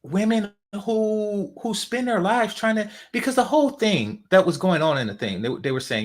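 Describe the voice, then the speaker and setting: A man's voice: sits high, expressive, moderate pace, few pauses. A man from the Bay Area giving a casual, profane commentary monologue, mocking and repeating phrases for effect. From San Francisco Bay Area. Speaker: commentary channel host.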